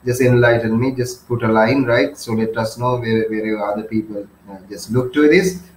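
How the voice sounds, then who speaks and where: A man's voice: medium pitch, fairly even intonation, normal speed, slight background noise. A man with a Sri Lankan accent and Sinhala as his first language, tutoring a novel passage with strings of synonyms and constant tag questions. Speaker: English literature tutor. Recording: roomy echo.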